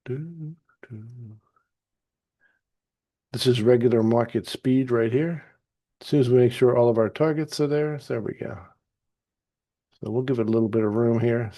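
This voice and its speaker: Mellow-voiced man walking through a trade. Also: medium pitch, fairly even intonation, a little fast. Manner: easygoing, explanatory, with fillers and restarts. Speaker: trading educator. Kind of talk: narrated chart walkthrough.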